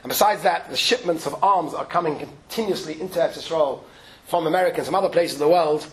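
High-voiced man giving a Torah talk. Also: fast talker, a bit bright, rough recording. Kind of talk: informal Torah lecture.

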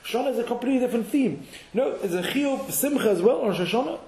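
A man giving a halachic lesson to a class, halting and repeating words as he mixes in Hebrew and Yiddish terms. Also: extremely high pitch, lively intonation, a crowd in the background. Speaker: Torah teacher. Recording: echoey room.

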